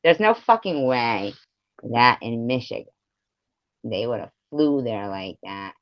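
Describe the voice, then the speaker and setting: A man live streaming rants at his viewers in a profane, rambling, confrontational way. His medium-pitched voice is animated and a little slow, with no echo, and the stream audio sounds dull and lo-fi.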